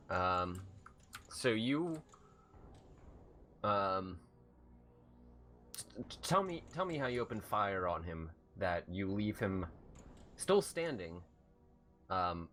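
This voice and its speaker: A man narrating a tabletop role-playing game as game master, explaining dice and describing combat with many pauses and fillers. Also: sits low, soft background music. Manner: relaxed, halting, many fillers.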